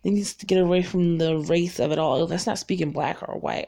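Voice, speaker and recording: A woman's voice: lowish voice, brisk, creaky, mellow. Woman, about forty, from North Carolina. Casual vlogger, rambling, candid, laughs a lot. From North Carolina, raised in Virginia. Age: around 40. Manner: rambling, chatty, laughs often; frank and self-deprecating. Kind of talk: casual chat to viewers.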